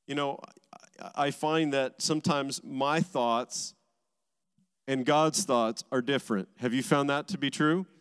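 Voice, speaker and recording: A man's voice: mid-range voice, unhurried, smooth. Male pastor preaching in a reverberant hall. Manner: preaching in emphatic repeated phrases. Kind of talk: sermon. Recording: large hall with long reverb.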